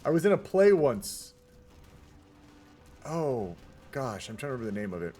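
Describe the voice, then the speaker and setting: A man's voice: mid-range voice, sing-song, moderate pace, dark tone, slight background noise. A man giving casual, rambling commentary on a strategy game replay and chatting with his viewers. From United States. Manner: rambling, chatty, talks to the chat. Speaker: game caster.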